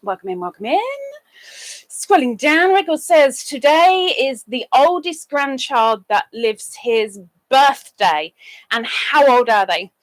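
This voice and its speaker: A woman speaks slowly but with lively intonation, and there's no echo in the recording. While hosting a casual crafting livestream, she drifts between telling little stories and saying hello to chat, with squeaky bursts along the way.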